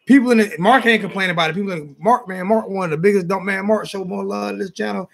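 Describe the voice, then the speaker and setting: A man's voice: high-pitched, fast talker, gravelly. A man hosting a casual fan call-in show in a Southern US accent, loose and repetitive, often restarting his sentences.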